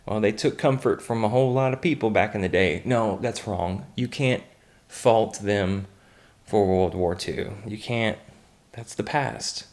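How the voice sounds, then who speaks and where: A man's voice: fairly low pitch, unhurried, darkish tone. Casual man reading headlines with blunt asides. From United States. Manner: reads headlines then adds blunt, offhand asides with frequent fillers and restarts. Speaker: host of a daily online news roundup. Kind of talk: casual news reading with commentary.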